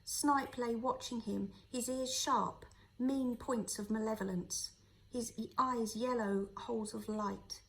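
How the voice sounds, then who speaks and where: A teacher reads a children's novel aloud in a steady, clear storytelling voice. Her voice sits a little high for a woman. She keeps an even, unhurried pace through the story. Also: rough recording. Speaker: teacher reading to a class.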